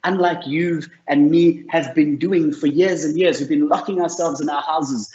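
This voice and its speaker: A man's voice: a little high, fairly even intonation, normal speed. A man presenting a mental health course, telling stories in an earnest, encouraging way. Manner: earnest, storytelling, warm and encouraging. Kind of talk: motivational talk to camera. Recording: roomy, slightly dull sound.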